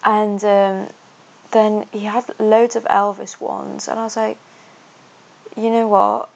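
A young woman rambling through a casual podcast monologue. She talks slowly in a fairly flat tone, with a gravelly creak at the ends of her phrases. She hesitates often and fills the gaps with "um" and "you know.". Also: mid-range voice, lo-fi sound. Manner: chatty, hesitant, self-conscious, many fillers. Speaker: podcast host.

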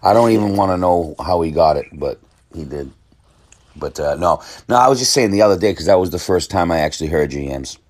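Male caller, low voice, friendly, a bit stammering. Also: animated, brisk, darkish tone. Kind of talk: casual chat.

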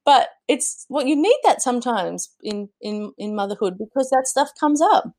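In a conversational podcast interview, a female guest talks earnestly about motherhood, her voice on the high side, animated, and a little mellow. She speaks at a moderate pace but keeps restarting and using fillers.

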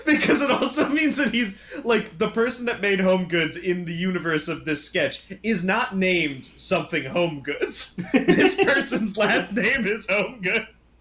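A man's voice: high voice, animated, measured pace, fairly bright tone. A man co-hosting a podcast, gushing enthusiastically, cursing casually and laughing a lot. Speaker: podcast co-host reviewing sketch comedy. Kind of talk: casual chat.

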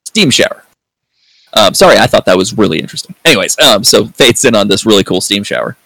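Low gravelly man rambling casually. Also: lively intonation, fast, fairly bright tone, dry recording, poor audio. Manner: rambling, filler-heavy, swears freely. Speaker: podcast host. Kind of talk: casual review chat.

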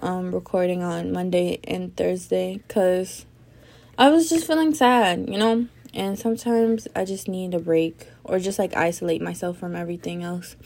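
A woman's voice: mid-range voice, a little mellow. A young woman hosting a casual solo podcast, rambling with lots of fillers and swearing, sleepy and yawning. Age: young adult. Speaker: podcast host.

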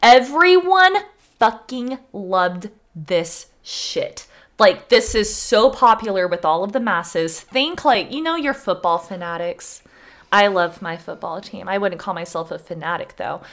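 Young woman, casual podcast host, chatty history storytelling, swears a lot, mid-pitched voice. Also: a little slow. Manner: chatty, swears freely, loose and animated.

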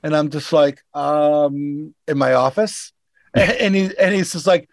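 A man with a Boston accent, co-hosting a podcast and telling animated stories in casual chat. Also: fairly high pitch, a little slow, creaky, no echo, clean studio sound. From Boston, USA. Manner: animated storyteller, acts out callers. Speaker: podcast co-host.

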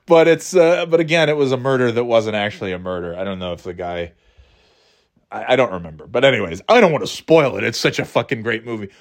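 A man's voice: medium pitch, a little fast. Rambling, profane male movie podcaster. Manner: rambling and profane, acting out scenes with mocking voices. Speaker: podcast host. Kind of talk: casual movie chat.

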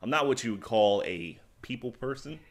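A man's voice: medium pitch, lively intonation, moderate pace. A young man co-hosting a casual podcast, blunt and sardonic, making dry jokes. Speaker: podcast co-host. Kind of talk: casual chat.

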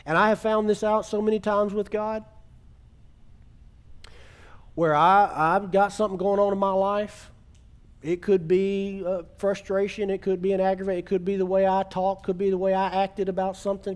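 A pastor with a fairly high male voice delivering a sermon in church. He preaches earnestly, drawing out key words and asking the congregation to repeat after him. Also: flat delivery, moderate pace, smooth.

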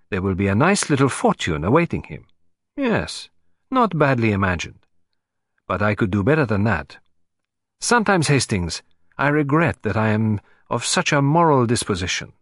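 A fussy, vain old Belgian detective, voiced by a male audiobook reader with a precise, self-satisfied way of speaking. His delivery swings lively up and down, with a slightly husky edge, recorded close and dry. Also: lowish voice, normal speed, no room sound. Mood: pleased. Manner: precise, self-satisfied, drops French phrases. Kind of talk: audiobook character reading.

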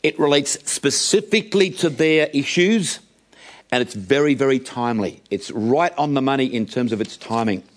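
A man's voice: medium pitch, moderate pace. A middle-aged man preaching a sermon, calling his listeners friends and acting out the voices of Bible characters.

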